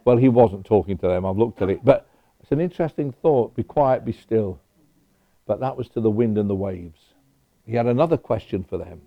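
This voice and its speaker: Guy preaching a sermon, chatty with personal asides, muffled lo-fi sound. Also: mid-range voice. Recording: dull lo-fi recording.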